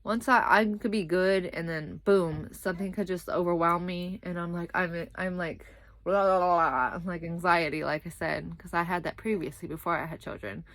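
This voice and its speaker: A woman's voice: on the low side, moderate pace, a bit bright, dry recording. A young woman chatting casually in a rambling vlog, sleepy and often saying "like I said" as she drifts between topics. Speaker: vlogger.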